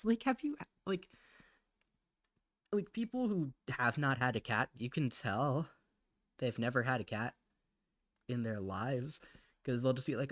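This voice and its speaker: A man's voice: mid-range voice, animated, measured pace, pauses often, a bit bright, dry recording, clean studio sound. Rambling, chatty man streaming live. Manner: rambling and chatty, laughs often; mutters to himself while drawing. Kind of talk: casual live-stream chat.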